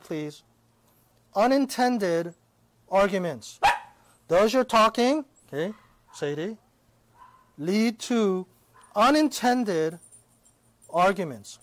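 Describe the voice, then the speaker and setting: Male Bible teacher with a high voice on a dry close mic, conversational preacher who keeps checking in. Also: dry recording. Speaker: Christian teacher. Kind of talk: live-streamed Bible teaching.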